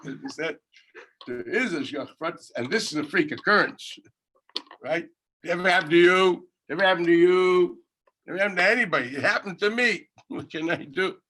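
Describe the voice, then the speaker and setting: A middle-aged rabbi teaching Talmud over a video call. His voice sits a little high, and his delivery is loose and animated, full of stories, laughs and sudden loud quoted lines. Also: brisk. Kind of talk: informal Talmud class with storytelling.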